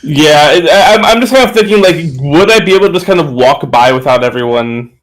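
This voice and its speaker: A man's voice: fairly high pitch, expressive, a little fast, low-quality recording. Hesitant man at a game table. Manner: hesitant, stumbling over words. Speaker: tabletop player. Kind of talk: playing a tabletop game live.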